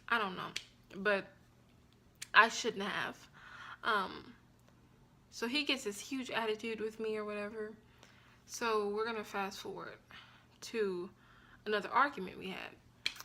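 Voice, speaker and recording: A young woman telling a personal story on her vlog in a frank, blunt and profane way, with an animated and expressive delivery. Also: mid-range voice. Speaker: vlogger.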